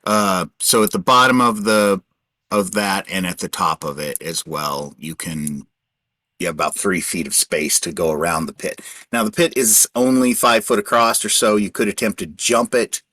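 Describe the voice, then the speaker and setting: A man's voice: sits low, normal speed, pushed and bright, dry recording. A man acting as game master, explaining the rules and the scene patiently while restarting his sentences often. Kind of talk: running a tabletop game session.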